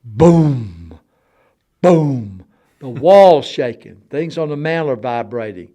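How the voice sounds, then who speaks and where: Animated man telling stories. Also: a little high, normal speed. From Alabama. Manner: animated, swings from hushed to loud for sound effects, laughs often. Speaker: storyteller guest on a talk show. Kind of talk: casual storytelling conversation.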